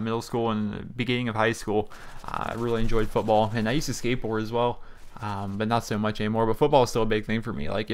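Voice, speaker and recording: This young gaming YouTuber from Pennsylvania has a lowish voice that is clear and resonant. He talks loosely over gameplay from a small home room, in a chatty, rambling way full of fillers and restarts.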